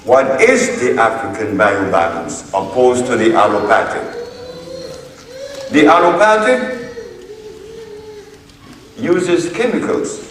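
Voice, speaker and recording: Man, public lecture, unhurried storytelling, lively pitch, recorded from far back in a big echoey hall. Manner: unhurried storytelling, emphatic, quotes others in dialogue. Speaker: speaker addressing an audience. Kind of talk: public lecture with retold courtroom exchanges. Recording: echoey hall from far off, faint background noise.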